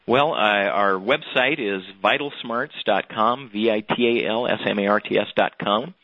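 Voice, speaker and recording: A man, a guest, explaining ideas in a measured, earnest way over dull lo-fi audio. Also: lowish voice, dry recording. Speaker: business author, guest. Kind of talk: interview answer. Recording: dull dry lo-fi remote audio.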